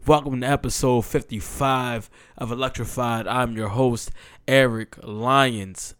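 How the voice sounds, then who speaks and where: A young adult man hosting a casual football podcast, excitable and chatty, with loose talk full of fillers and restarts. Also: medium pitch, measured pace, clear, resonant tone, no echo, clean studio sound. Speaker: podcast host.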